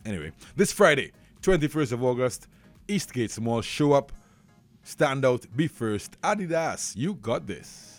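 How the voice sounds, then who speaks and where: A man with a Trinidadian accent, hosting a radio show with casual chat and live ad reads, animated and excitable. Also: mid-range voice, a little slow, faint music behind. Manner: animated, excitable, slips into dialect rants. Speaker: radio host.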